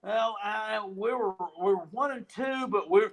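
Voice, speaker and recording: A man's voice: high-pitched, unhurried. A man hosting a casual sports rant, profane and rambling, with frequent restarts and trailing thoughts. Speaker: podcast host.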